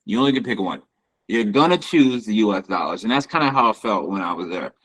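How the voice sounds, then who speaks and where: Animated young man in casual chat. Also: fairly low pitch, quick pace, husky, low-quality recording. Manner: slangy, animated, says bro a lot. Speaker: podcast co-host.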